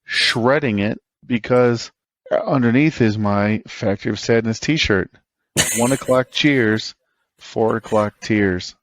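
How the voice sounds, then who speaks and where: A man's voice: mid-range voice, slow, dry recording. A man from Northeast Ohio co-hosting a sports podcast, trading wry jokes in casual chat. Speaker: podcast co-host.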